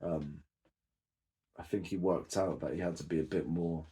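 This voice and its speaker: A man's voice: sits low, steady tone, moderate pace, mellow. A man casually reviewing a music box set, rambling with many ums and self-corrections.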